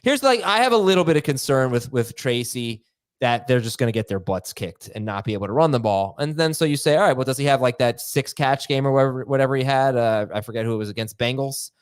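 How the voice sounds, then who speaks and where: Lively male host reading viewer questions. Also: mid-range voice, clean tone, no room sound, clean studio sound. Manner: quick, playful, reads viewer questions. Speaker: show host. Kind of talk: live fantasy football Q&A.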